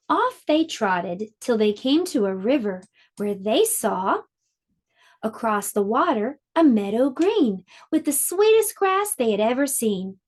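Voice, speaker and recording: A woman's voice: a little high, big pitch swings. A woman teaching a preschool lesson online, explaining a science activity and reading a storybook aloud to small children. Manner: sing-song and slow, explaining to small children.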